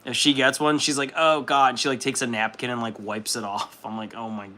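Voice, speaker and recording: Chatting casually with his viewers, a livestream host speaks fairly quickly in a mid-range, pushed, bright voice. This young man keeps it laid-back on his hobby stream, laughing often, swearing freely, and going through viewer comments.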